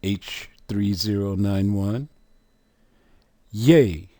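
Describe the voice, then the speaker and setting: A man's voice: fairly low pitch, expressive, takes it slowly, darkish tone, no echo, clean studio sound. A man teaching a lesson, walking the listener through a chart and asking questions as he goes. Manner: asks the listener questions, emphatic.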